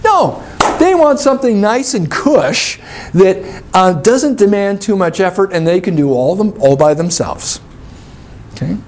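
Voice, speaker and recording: Male lecturer, high voice, casual and conversational, keeps asking "okay?". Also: lively intonation, a little slow, darkish tone. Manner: conversational, checks in with "okay?" often. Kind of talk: classroom lecture.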